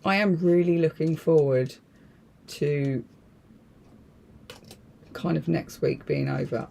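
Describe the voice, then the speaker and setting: A woman's voice: low voice, slow pace, vocal fry, long pauses, mellow, slight background noise. A woman hosting a casual crafting livestream, rambling and thinking aloud in a chatty, self-deprecating way.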